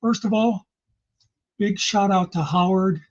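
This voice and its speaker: A man's voice: sits high, fairly even intonation, unhurried, dull audio. A man casually telling jokes as host, rambling and folksy in his storytelling.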